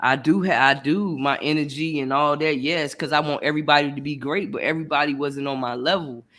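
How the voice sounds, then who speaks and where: A man's voice: a little high, fairly even intonation, brisk, fairly bright tone. A man hosting a podcast who talks in an earnest, heartfelt way and often repeats his phrases. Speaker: podcast host. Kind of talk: casual chat.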